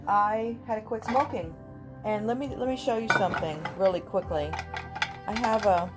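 A woman vlogger talking casually and encouragingly to her viewers, chatty and often repeating herself. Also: medium pitch. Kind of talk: casual personal vlog talk.

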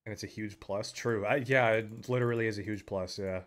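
A young man giving live commentary on a game, excitable, breaking into loud yells and laughter. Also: on the low side, a little fast. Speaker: game streamer.

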